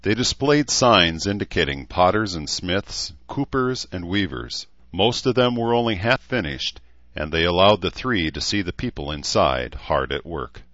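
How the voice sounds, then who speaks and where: Deep-voiced man narrating a story. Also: animated, a little slow, fairly bright tone, no room sound. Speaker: audiobook narrator. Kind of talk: scripted narration. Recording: dull, dry studio read.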